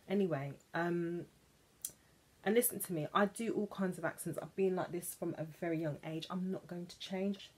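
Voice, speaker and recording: A woman from England chatting playfully about perfumes, gushing and now and then dropping into soft whispers. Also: fairly low pitch, moderate pace, husky. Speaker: perfume vlogger. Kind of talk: chatty vlog.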